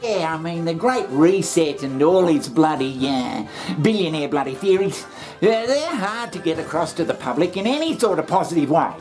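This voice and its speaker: A woman's voice: deep voice, very animated, normal speed, a little mellow, soft background music. A woman hosting a satirical comedy show, sarcastic and full of swearing, often laughing.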